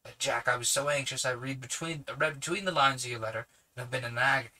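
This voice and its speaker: A man voicing an eager, anxious young gentleman who talks in a hurried rush and stumbles over his words. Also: medium pitch.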